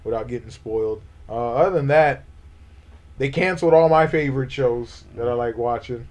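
A man's voice: medium pitch, normal speed, darkish tone. A man co-hosting a podcast in a laid-back casual chat, swearing and filling with "like" and "uh". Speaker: podcast co-host.

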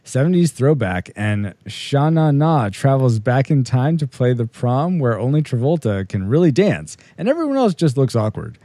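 Man, podcast host, lively pitch, mellow tone, dry close sound, playful. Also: moderate pace, few pauses, no room sound. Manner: playful, jokey, reads segment intros. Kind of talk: casual chat with scripted segments.

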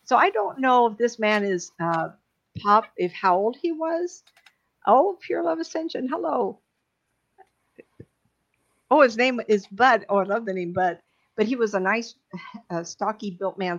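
A middle-aged woman, a psychic medium, giving readings on a live stream in an emotional, chatty way with many fillers and pauses. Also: a little high, animated. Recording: dull lo-fi stream audio.

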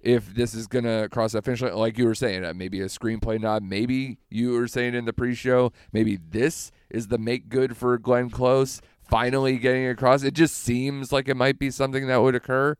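Smooth-voiced man hosting a film podcast. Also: mid-range voice, level tone, no room sound, clean studio sound. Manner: chatty, rambling, quick asides. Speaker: podcast host. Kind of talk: casual film podcast chat.

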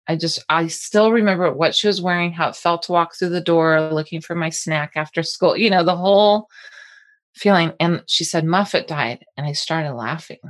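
A middle-aged woman co-hosting a podcast, telling a personal story in casual, rambling chat with many restarts. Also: fairly low pitch. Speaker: podcast co-host.

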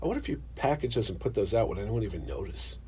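A middle-aged man co-hosting a podcast, telling stories with animated energy in casual chat. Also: lowish voice, very fast, a little hiss or hum. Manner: animated storyteller. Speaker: podcast co-host.

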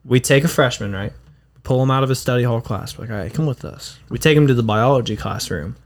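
A young man, a recent high school graduate, telling laid-back, slangy stories as a podcast guest. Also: fast talker. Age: young adult. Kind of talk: casual chat.

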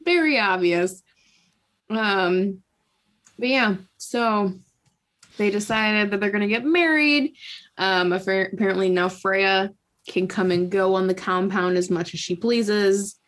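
A woman's voice: mid-range voice, measured pace. A woman casually retelling a book plot, laughing often and acting out the characters' lines. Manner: laughing, animated retelling with acted-out quotes. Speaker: podcast co-host recapping a book. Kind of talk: casual chat.

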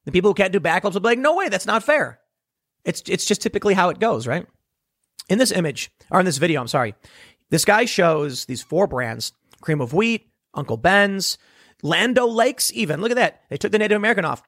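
A man's voice: sits high, expressive, brisk, fairly bright tone, dry recording, studio quality. A man delivering an opinionated monologue commentary, talking emphatically with restarts and rhetorical questions. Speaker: political commentator.

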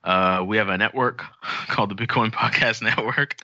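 A man's voice: lowish voice, normal speed, sharp tone, no echo, muffled recording. A man hosting a podcast in loose, joking banter, often laughing. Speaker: podcast host.

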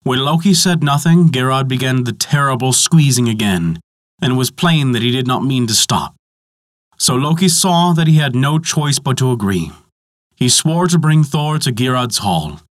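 A man narrating a mythology story in a measured, dramatic storytelling manner. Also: medium pitch, expressive, dry recording, clean studio sound.

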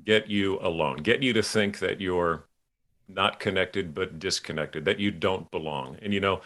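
Male podcast host, low-pitched, earnest, rambling with restarts, laughs easily. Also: moderate pace, a bit bright. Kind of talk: casual faith conversation.

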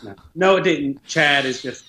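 A man's voice: a little high, normal speed, sharp tone, a little hiss or hum. A man co-hosting a casual podcast, teasing his partner with dry humor. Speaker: podcast co-host.

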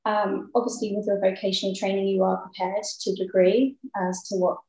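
A young woman, a ballet dancer, talking thoughtfully in a casual interview with many pauses and ums. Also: mid-range voice, level tone, a little mellow. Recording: echoey room.

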